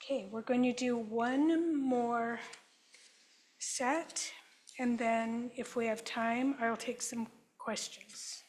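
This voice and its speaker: Slow, gentle woman leading a group exercise. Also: fairly high pitch, steady tone, a little hiss or hum, rough recording. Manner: slow, measured lead-in phrases for the audience to repeat. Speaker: conference presenter. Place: conference session room.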